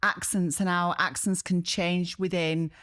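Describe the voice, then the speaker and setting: A woman from Barnsley speaks with a softened Yorkshire accent, her voice sitting a little low. She chats in an easy, self-mocking way, spinning anecdotes for a podcast. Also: level tone, unhurried, no room sound, studio quality. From Barnsley, Yorkshire, England. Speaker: radio presenter, guest. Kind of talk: relaxed podcast chat.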